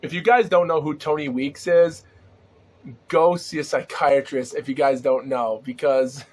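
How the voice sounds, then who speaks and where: Excitable man with a sore, groggy throat. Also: fairly high pitch, a little slow. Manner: rambling, excitable, many fillers and restarts, laughs often. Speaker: podcast host. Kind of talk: solo casual podcast commentary.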